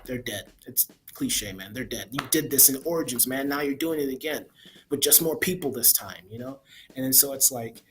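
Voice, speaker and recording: A man's voice: medium pitch, moderate pace, fairly bright tone, a little hiss or hum. Blunt, rambling male movie reviewer. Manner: rambling, frequently says "man", blunt and opinionated. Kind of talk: casual spoiler review rant.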